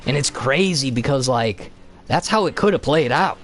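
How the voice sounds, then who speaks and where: A man's voice: mid-range voice, expressive, moderate pace, slight background noise. A man streaming a video game, rambling in casual chat with heavy swearing and lots of fillers.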